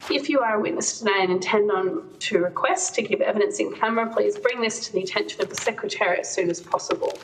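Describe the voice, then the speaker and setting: A woman's voice: medium pitch, fast, roomy sound, slight background noise, low-quality recording. A woman with an Australian accent chairing a parliamentary committee hearing, reading procedure with some fillers and slips.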